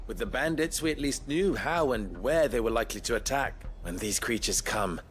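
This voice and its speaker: A man's voice: medium pitch, lively intonation, moderate pace, faint music behind, natural voice. An actor playing a resolute male commander who rallies his town and speaks in a formal, commanding way in a game cutscene. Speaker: town leader in a video game.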